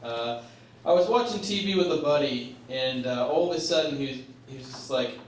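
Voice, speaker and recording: A young man performing a stand-up comedy set on a small club stage, self-deprecating and halting, with many "uh"s and "like"s. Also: mid-range voice, a little hiss or hum. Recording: echoey live club recorded from a distance. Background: audience laughter.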